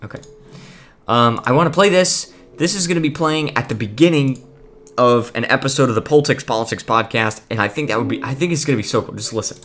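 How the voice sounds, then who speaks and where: A man's voice: medium pitch, quick pace, a bit bright, soft background music. A man streaming a building game, chatting casually to viewers and rambling with frequent restarts. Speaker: gaming streamer. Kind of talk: casual live-stream chat.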